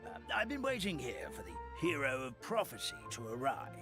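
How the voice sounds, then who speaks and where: A chubby old paper hamster elder in a video game, speaking in a posh, courtly way. His pitch rises and falls in wide swings. Game music plays clearly underneath. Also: huge pitch swings, normal speed. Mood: formal. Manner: posh, old-fashioned, polite.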